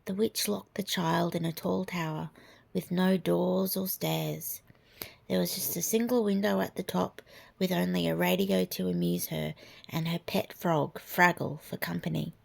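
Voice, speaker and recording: Lady reading a storybook, soft whispery voice, bit of vocal fry. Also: lowish voice.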